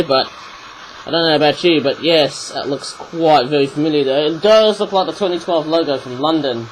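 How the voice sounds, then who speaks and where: A man reviewing toys in a rambling, chatty way, with a frog in his throat that makes him clear it often. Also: a little high, a little fast, slight background noise, low-quality recording. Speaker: toy reviewer. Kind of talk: casual video review.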